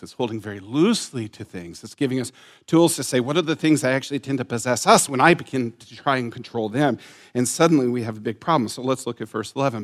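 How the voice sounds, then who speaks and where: Preaching man, loud to hushed. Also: mid-range voice. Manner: lively, swings from loud emphasis to hushed near-whispers; talks with the congregation, asks for shows of hands. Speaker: pastor. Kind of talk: sermon. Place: church sanctuary with congregation.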